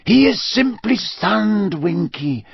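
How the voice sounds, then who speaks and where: An elderly, wise wizard headmaster speaks quietly and gently, as a man reads him, his pitch a touch above the narrator's. He asks his questions in a measured, soft way. The audiobook-style recording is dry and dull. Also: very animated, creaky, husky, dry recording, full character voice. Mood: calm.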